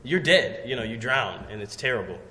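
A man preaching a sermon, telling the story in a lively way and acting out voices. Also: medium pitch, brisk. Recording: long reverb from a large hall.

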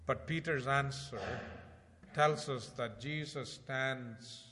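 A man preaching a sermon in a conversational way, asking rhetorical questions and swinging between loud emphasis and quiet asides. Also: mid-range voice, takes it slowly, slight background noise. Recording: long hall reverb.

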